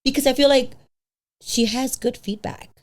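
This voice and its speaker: A woman in her thirties, a podcast guest telling a personal story casually, acting out quoted voices with big pitch jumps and slipping into Spanish now and then. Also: steady tone, moderate pace. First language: bilingual, switches into Spanish. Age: 30s.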